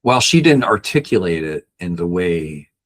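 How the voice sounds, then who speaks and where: A man's voice: low-pitched, very animated, moderate pace, fairly bright tone. A man working as a backpacking guide and coach, telling a personal story on a podcast in a rambling way, with many restarts and fillers.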